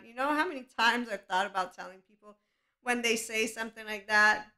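A woman's voice: on the high side, fairly quick, bright, forceful tone. A woman hosting a podcast, talking casually to her listeners in a chatty, rambling way that breaks into laughter. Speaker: podcast host. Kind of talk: casual solo talk.

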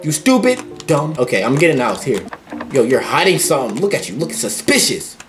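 A man giving loud, profane commentary on a horror game, yelping at scares and talking back to the characters. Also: medium pitch, brisk, music in the background. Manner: excitable, profane, yelps at jump scares. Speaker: gaming YouTuber.

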